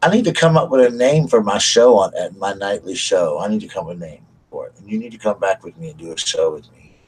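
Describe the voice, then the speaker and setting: A man's voice: fairly low pitch, fast, a little mellow, slight background noise, poor audio. A man hosting a casual live stream, rambling and chatting to his viewers. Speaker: livestream host.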